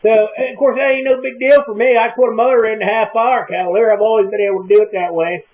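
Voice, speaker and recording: A man with a high, thin voice rambles through a casual monologue in a folksy, unhurried small-town manner. The sound is tinny and narrow, as if heard over a phone line. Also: steady tone. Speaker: comic vlogger in character.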